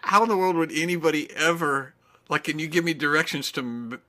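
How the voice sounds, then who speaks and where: A man, a comedian, joining in playful banter on a video-call show and asking quick questions. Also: on the high side, sharp tone, slight background noise.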